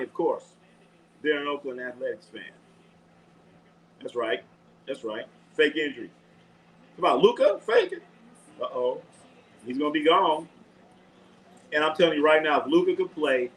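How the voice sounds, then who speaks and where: A man's voice: fairly high pitch, slight background noise, rough recording. A man from Los Angeles hosting a live sports show, talking in a loose, profane, trash-talking way. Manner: animated, profane trash talk. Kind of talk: casual live sports chat.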